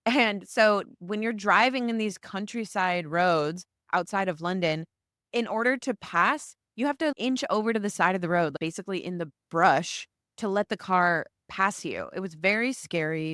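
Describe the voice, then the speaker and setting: An American woman hosting a solo podcast, telling stories in a chatty, animated way. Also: lowish voice, normal speed, clear, resonant tone, dry recording, studio quality. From United States. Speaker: podcast host.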